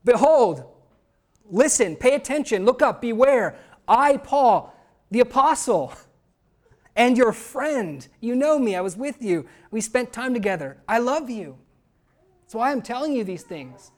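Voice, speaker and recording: A man's voice: very high voice, sing-song, unhurried, pitched above the performer's own voice, heavily acted. A man voicing an apostle who pleads earnestly with his listeners as their caring friend. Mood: urgent pleading. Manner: urgent, warmly pleading.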